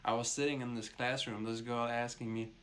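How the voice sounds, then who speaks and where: A man's voice: medium pitch, little pitch movement, fairly quick, a bit bright. A man from Germany, a former exchange student, casually telling an anecdote and acting out a back-and-forth conversation.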